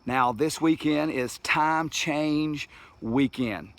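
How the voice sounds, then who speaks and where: Folksy pastor, halting and earnest. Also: male voice, on the high side. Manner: folksy and earnest, many restarts and fillers; slows and stretches words for emphasis. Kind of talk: daily devotional video talk.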